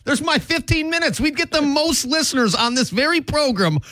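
Upbeat jokey young radio guy, high voice, bounces around a lot. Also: lively intonation, moderate pace, sharp tone, no room sound, clean studio sound. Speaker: radio morning show co-host. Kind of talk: casual radio banter.

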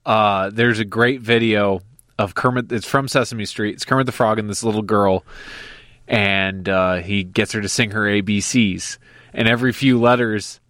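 A man's voice: on the low side, fairly even intonation, moderate pace, fairly bright tone, no echo, clean studio sound. A man chatting on a radio show, telling a story with enthusiasm. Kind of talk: casual radio chat.

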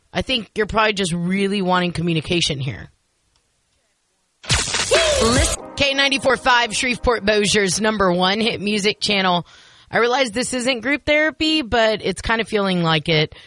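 Chatty bright-voiced woman radio host. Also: mid-range voice, no room sound. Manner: chatty and self-deprecating. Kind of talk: casual radio chat.

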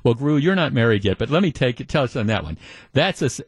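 A middle-aged man hosts a talk radio show and tells a story with mock exasperation. His pitch rises and falls a lot as he talks. The studio mic sounds close and dry, with no room echo. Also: big pitch swings, fast, husky. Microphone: studio microphone.

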